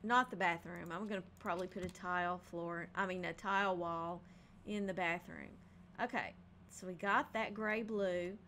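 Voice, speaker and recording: A woman's voice: on the low side, fairly even intonation, normal speed, pushed and bright, a little hiss or hum. A woman casually narrating her home build in a game, thinking aloud with frequent ums and hesitations. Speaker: game building video creator.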